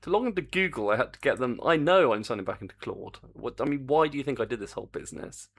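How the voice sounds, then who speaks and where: This exasperated game developer streams his work with a lively pitch, fast speech, and a breathy edge. It's casual live-stream chat while coding, broken up by exasperated muttering and humming to himself.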